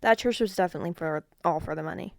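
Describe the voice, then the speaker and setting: A woman's voice: lowish voice, fast talker, creaky, no room sound, clean studio sound. A teenage girl chatting casually with her father, blunt and teasing, often drifting off topic. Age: teens. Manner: blunt, teasing, easily distracted. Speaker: guest, host's daughter. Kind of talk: casual chat.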